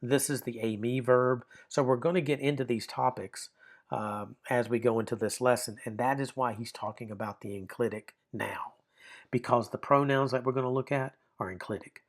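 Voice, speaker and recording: A man explaining a textbook grammar lesson to viewers at a medium pitch. He talks in a loose, conversational way, breaking off to add asides and rephrase points. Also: fairly even intonation, normal speed. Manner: informal, explanatory, with frequent restarts and asides to the viewer. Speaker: Greek grammar teacher. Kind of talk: recorded lesson walking through a textbook.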